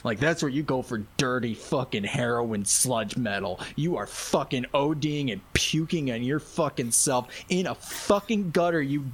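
A man's voice: medium pitch, moderate pace, few pauses, a little hiss or hum. A man casually telling a wild story, swearing constantly, laughing often and acting out what people said. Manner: animated, laughing, heavy swearing, acts out quotes.

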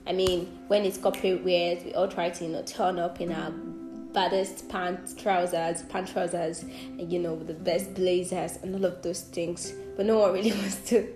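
A woman's voice: lowish voice, flat delivery, normal speed. A young woman from southwestern Nigeria with a Nigerian accent, hosting a solo podcast in an earnest, reflective way and often restarting her sentences. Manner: earnest, reflective, self-correcting with frequent restarts. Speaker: podcast host. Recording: echoey room with music behind.

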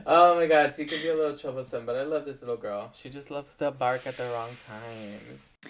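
A man co-hosting a casual chat podcast, speaking in a relaxed, measured way that often drifts softer. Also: medium pitch. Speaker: podcast co-host.

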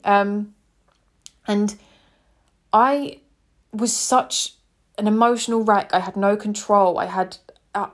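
A woman in her twenties, hosting a podcast and telling a personal story in an earnest, heartfelt, chatty way. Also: medium pitch. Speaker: podcast host.

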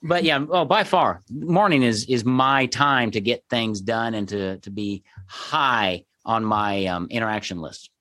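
A man's voice: medium pitch, measured pace, pushed and bright, no echo. A man hosting a podcast, chatting in a chummy, jokey way with his guest. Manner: chummy and jokey, calls guest buddy and dude. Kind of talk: casual chat.

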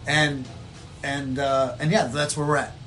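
A man's voice: mid-range voice, measured pace, slight background noise. Rambling storytelling podcast man. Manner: rambling, animated storytelling with voiced impressions. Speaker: podcast co-host. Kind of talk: casual political chat.

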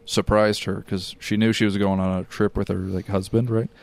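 Man, low voice, casual podcast chat, rambling storyteller, says dude a lot. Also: level tone, normal speed, creaky. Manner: loose, laughing storyteller with lots of "like" and "dude". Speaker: podcast co-host.

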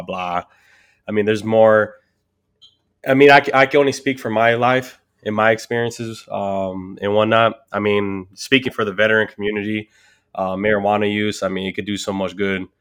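A veteran man sharing his opinion in casual podcast talk, halting and full of fillers. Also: low-pitched, fairly bright tone. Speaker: military veteran podcast guest.

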